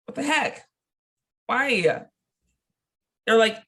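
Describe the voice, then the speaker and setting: A woman's voice: a little high, animated, slow, long pauses, a bit bright, slightly rough. A woman co-hosting a casual chat show, laid-back and teasing, laughing easily. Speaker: podcast co-host.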